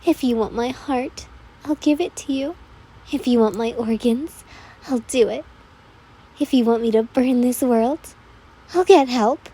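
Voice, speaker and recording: A woman's voice: fairly high pitch, a little slow, pauses often, warm tone, husky. Woman doing Toga, giggly obsessive villain girl. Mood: devoted. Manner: eager, breathless devotion.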